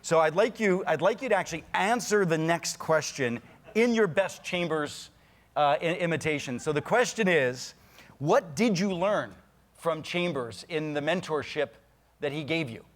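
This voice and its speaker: A man interviewing a guest on stage, talking haltingly with many fillers. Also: on the high side, expressive.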